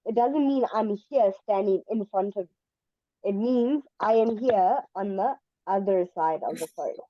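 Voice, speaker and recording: A woman's voice: medium pitch, unhurried, dry recording, dull audio. A woman tutoring English one-on-one over a video call, explaining patiently with examples. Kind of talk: one-on-one online English lesson.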